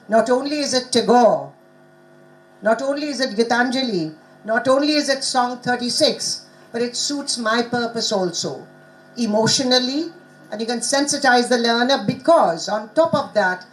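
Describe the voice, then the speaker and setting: A woman's voice: on the high side, poor audio. A woman who is not a native English speaker, presenting a conference workshop on pronunciation and questioning her audience. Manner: engaging, asks the audience questions. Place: conference hall.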